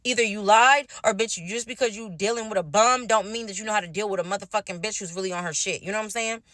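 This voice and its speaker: Woman storyteller, rapid, profane, venting to viewers. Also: medium pitch, fairly bright tone, no room sound. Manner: fast, heavily profane venting. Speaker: storytime vlogger. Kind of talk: casual storytime rant.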